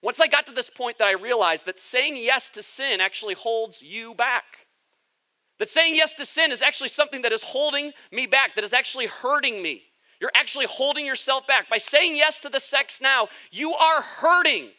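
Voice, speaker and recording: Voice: high voice, normal speed, sharp tone. A pastor delivering a sermon, speaking candidly and confessionally, addressing the congregation directly.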